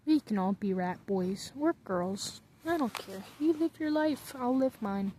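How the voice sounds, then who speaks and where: A woman's voice: mid-range voice, animated, measured pace, warm tone, a little hiss or hum. A woman idly rambling to herself from her bunk bed in her bedroom, drifting from one thought to the next as she talks. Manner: muses aloud to herself, drifts between thoughts. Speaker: vlogger. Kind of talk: casual rambling commentary.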